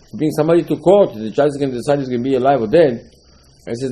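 An older male rabbi gives a Torah lecture, his showing through. His voice is husky and warm, and he tells stories with emphatic repetition, acting out the quotes. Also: mid-range voice, quick pace, rough recording.

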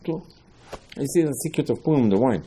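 Guy giving a torah class, keeps asking himself questions, mellow husky voice. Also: medium pitch, animated, brisk. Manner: emphatic, repetitive, asks and answers his own questions, broken English phrasing. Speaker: rabbi teaching Torah. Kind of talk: informal Torah lecture.

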